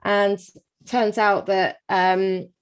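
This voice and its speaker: Brief: female vocalist guest, relaxed interview chat, mid register. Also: mid-range voice, drawn-out words, clear, resonant tone, lo-fi sound. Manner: chatty, frequent ums. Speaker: singer, guest.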